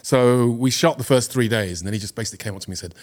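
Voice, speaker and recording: Chatty actor, easygoing storyteller. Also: male voice, mid-range voice, rapid-fire. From England. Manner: chatty, self-deprecating storyteller with frequent "you know" and restarts. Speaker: guest actor. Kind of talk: casual chat.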